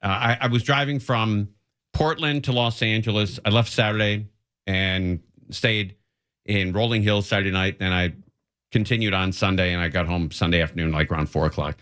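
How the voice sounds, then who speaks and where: A middle-aged man hosting a live radio show, talking in a relaxed, rambling way with lots of fillers. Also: lowish voice, moderate pace, clear, resonant tone. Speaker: radio host. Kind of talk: casual radio chat and live announcements.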